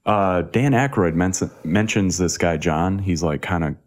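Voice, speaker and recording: A man's voice: low-pitched, unhurried. A young man co-hosting a podcast in casual chat, joking around and swearing freely. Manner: joking, laughing often, profane. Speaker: podcast co-host.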